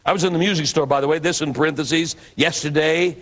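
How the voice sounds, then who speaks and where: A man preaches, telling a dramatic story and slipping into the voices of its characters. His voice sits a bit high for a man. A long reverb trails each phrase, as in a large hall. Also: steady tone, fast, fairly bright tone. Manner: dramatic storyteller who acts out quoted voices. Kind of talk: sermon storytelling.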